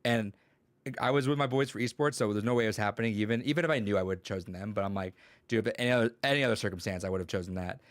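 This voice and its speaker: Young man, lowish voice, dry close sound, casual rambling storyteller, swears a lot. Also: very fast, no room sound. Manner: rambling, profane, storytelling with quoted dialogue. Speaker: podcast co-host and teacher. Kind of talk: casual chat.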